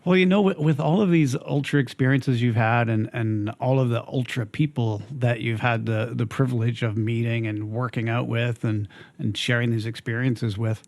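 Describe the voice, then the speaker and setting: A man's voice: mid-range voice, vocal fry, darkish tone. A man hosting a podcast interview, asking questions and giving short replies of support. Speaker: podcast host. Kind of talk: casual interview.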